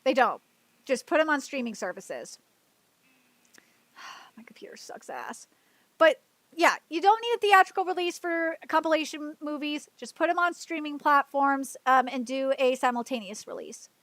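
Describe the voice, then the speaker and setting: A woman's voice: high voice, lively intonation, normal speed, fairly bright tone, dry recording. A woman hosting a livestream, ranting heatedly and profanely, rambling with restarts and fillers. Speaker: livestream host. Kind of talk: livestream commentary rant.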